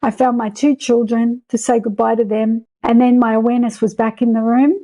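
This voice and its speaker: Lady telling her near death story, earnest and thoughtful, husky gravelly voice. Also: fairly high pitch, flat delivery, brisk, poor audio. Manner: earnest, reflective storytelling with soft laughs. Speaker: interview guest. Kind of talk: recounting a near-death experience.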